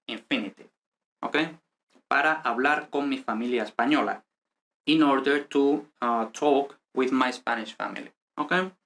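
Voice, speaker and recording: A man teaching a beginner language lesson in a relaxed, chatty way, often checking in with a quick "no?" as he explains. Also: a little high. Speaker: Spanish teacher.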